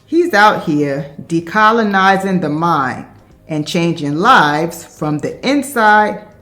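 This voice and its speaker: A woman host giving scripted narration in a measured, declarative storytelling manner. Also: lowish voice, lively intonation, a bit bright, faint music behind.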